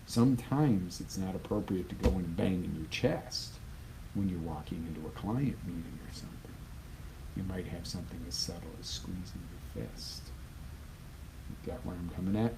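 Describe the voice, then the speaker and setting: Deep, gravelly-voiced man coaching emphatically. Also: moderate pace, background noise. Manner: emphatic, conversational, swings from loud bursts to quiet asides. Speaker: life coach. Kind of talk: live motivational talk.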